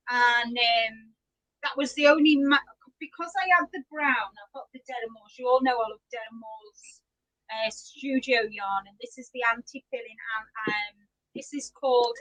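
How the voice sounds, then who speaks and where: A woman's voice: high voice, a bit bright, low-quality recording. A middle-aged woman hosting a live knitting podcast, chatty and giggly, greeting viewers by name. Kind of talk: casual live-stream chat.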